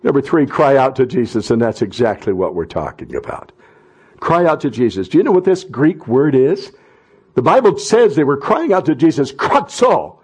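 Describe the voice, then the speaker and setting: A middle-aged man preaching a sermon as pastor, talking conversationally and then rising to loud impassioned cries. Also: mid-range voice, sing-song, moderate pace, slightly rough.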